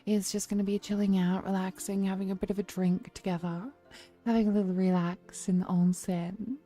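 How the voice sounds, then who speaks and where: A woman leans close to her microphone for a laid-back evening chat with her viewers, her tone mellow and warm. She plays up a teasing, theatrical demon-queen persona, flirty and grand. A faint bed of music sits beneath her voice. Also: mid-range voice, little pitch movement, fairly quick. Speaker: streamer hosting her own channel. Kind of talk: relaxed late-night chat stream. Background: faint background music.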